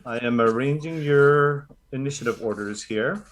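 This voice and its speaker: A man narrating a tabletop role-playing game as game master, telling the story in a lively way with many fillers. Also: medium pitch, normal speed.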